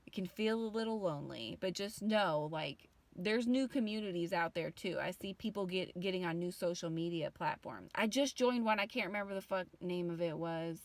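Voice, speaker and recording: A woman's voice: lowish voice, moderate pace, hardly any pauses, dry recording. A woman in her thirties ranting casually to her viewers, rambling and emotional, with frequent swearing. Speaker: vlogger. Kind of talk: casual rant to camera.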